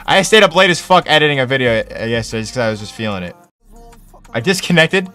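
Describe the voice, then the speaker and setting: A young man streaming live, chatting casually with his viewers in an excitable, profane, hyped-up way. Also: medium pitch, quick pace, faint music behind. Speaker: Twitch streamer. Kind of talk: casual livestream chat.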